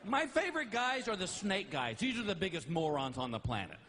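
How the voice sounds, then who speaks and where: A man doing stand-up comedy, telling animated stories with exasperated outbursts. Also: high voice, fairly quick, slight background noise.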